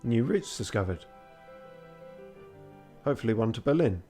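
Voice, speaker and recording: A man's voice: mid-range voice, sing-song, moderate pace, mellow, soft background music. Worn-out guy streaming late at night, reading the game text out, joking in between. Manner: tired, joking, swearing asides. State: tired.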